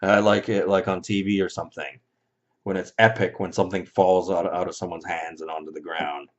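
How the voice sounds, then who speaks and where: Guy ranting and swearing, lowish voice, flares up loud then mutters, kinda muffled lo-fi sound. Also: flat delivery, fairly quick. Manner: angry, profane rant with sudden loud outbursts; mocking put-on voices when quoting others. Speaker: vlogger. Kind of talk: ranting opinion monologue. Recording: dull lo-fi recording.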